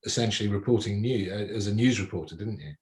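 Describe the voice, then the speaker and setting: A man's voice: fairly low pitch, fast, darkish tone. A man hosting a panel interview, asking questions with some hesitant repeats. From Britain. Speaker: host, interviewer. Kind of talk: panel interview, online event.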